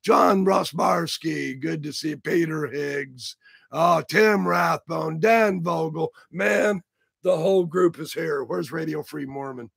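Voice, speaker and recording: A hoarse man with a rough, raspy voice hosting a casual live stream, joking around and greeting his viewers by name. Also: on the high side, takes it slowly, fairly bright tone, dry recording, studio quality. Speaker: livestream host.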